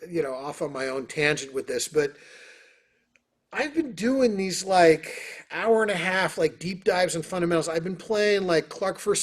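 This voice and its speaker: A man, a guest on an interview, telling stories and answering questions in an animated, casual way over a video call. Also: high-pitched, slightly rough. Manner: animated, lots of fillers. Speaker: orchestra trumpeter, interview guest. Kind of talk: casual storytelling.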